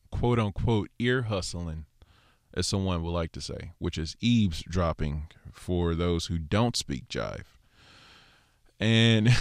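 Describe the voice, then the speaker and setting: In a casual Torah teaching, a man with a deep voice talks conversationally and pokes fun at himself. He acts out the people he quotes in lively voices, and the recording is clean studio sound with no echo.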